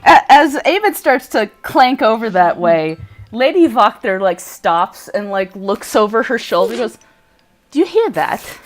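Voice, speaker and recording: A woman's voice: on the high side, lively intonation, unhurried. A woman running a tabletop game as game master, narrating playfully with frequent laughter.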